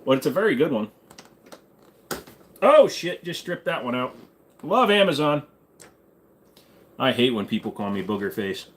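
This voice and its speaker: A man's voice: medium pitch, sing-song, moderate pace, pauses often. A man hosting a casual livestream Q&A, joking and irreverent, answering chat questions while fiddling with gear. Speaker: host. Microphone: desk microphone.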